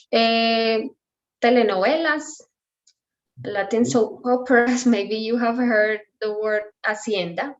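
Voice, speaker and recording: A native Spanish-speaking woman gives an online language lesson. She talks slowly and patiently, filling pauses with "eh" and "um". The call audio sounds a little dull. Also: medium pitch. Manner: patient, explains slowly with many fillers. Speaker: Spanish teacher.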